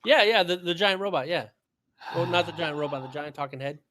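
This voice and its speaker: Excitable male co-host, high pitch, bright and punchy. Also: brisk. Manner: loud, laughs a lot, animated. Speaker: podcast co-host. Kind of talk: casual gaming podcast chat.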